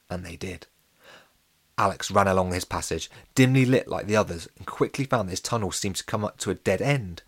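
A man reads a children's adventure audiobook. His delivery is steady and gently expressive, suited to young listeners. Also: sits low, fairly quick, breathy edge. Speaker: narrator.

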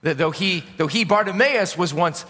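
A man preaches a sermon with passion, his voice bright and sharp with a slightly high pitch. He swings from loud appeals down to hushed tones. The sound carries the long reverb of a large church hall. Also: moderate pace. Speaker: pastor.

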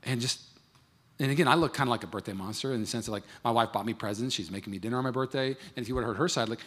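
The sermon comes very fast from a pastor in his thirties, whose medium-pitched voice has a fairly bright tone. He acts out both sides of a marriage story, his words echoing with long reverb in a large church hall.

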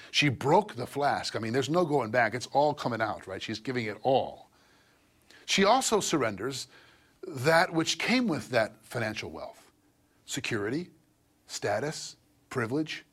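A man's voice: mid-range voice, a bit bright, breathy edge. A middle-aged male pastor giving a conversational sermon, asking rhetorical questions and putting on mocking voices for quoted people.

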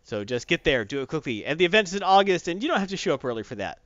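Animated, joking man co-hosting a stream. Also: on the high side, racing, few pauses, no room sound, muffled recording. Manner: animated, jokey, mock voices. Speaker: podcast co-host. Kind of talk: casual chat.

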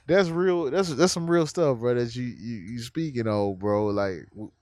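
A man's voice: medium pitch, moderate pace, darkish tone, no echo, studio quality. A man, talking casually, asking probing questions and often calling his friend "bro". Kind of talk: casual conversation.

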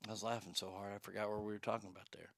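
A man hosting a crude comedic talk show, profane and excitable, laughing at his own jokes. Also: lowish voice, rapid-fire, gravelly, dry recording, clean studio sound. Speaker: show host.

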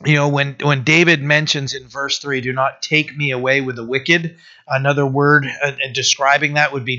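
A man's voice: medium pitch, steady tone, normal speed, bright, forceful tone. A middle-aged man preaching an informal sermon, reading scripture and talking it through with many fillers, restarts and trailing phrases. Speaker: pastor. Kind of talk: informal sermon, Bible teaching. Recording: dull lo-fi recording.

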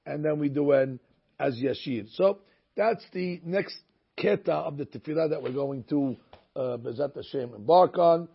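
A man's voice: fairly high pitch, moderate pace, gravelly, husky. A man teaching a recorded Torah lesson, telling stories and using many Hebrew terms. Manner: storytelling, sprinkled with Hebrew terms. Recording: muffled lo-fi recording.

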